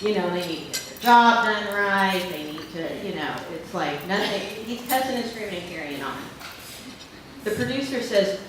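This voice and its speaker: Woman keynote speaker, lively storyteller, recorded from far off in a roomy hall. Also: mid-range voice, moderate pace, background noise. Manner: lively anecdotal storytelling with laughs. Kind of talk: storytelling speech to an audience. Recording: echoey hall from far off with dish clatter.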